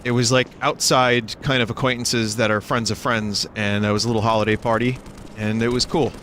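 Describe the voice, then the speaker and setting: A man's voice: mid-range voice, flat delivery, brisk, fairly bright tone, slight background noise. A man streaming a video game, chatting casually and jokingly, with rambling, self-interrupting talk into a desk microphone. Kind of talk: casual gaming livestream chat.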